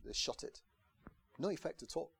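A man preaching a conversational sermon to a congregation, lively and chatty, acting out the voices he quotes and often asking if they understand. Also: normal speed, a little hiss or hum. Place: church gathering in the UK.

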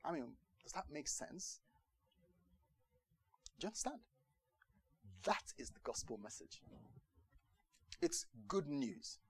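Guy preaching a sermon, jokey storytelling, kinda high voice. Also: slow pace, long pauses, breathy edge. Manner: lively, storytelling, joking.

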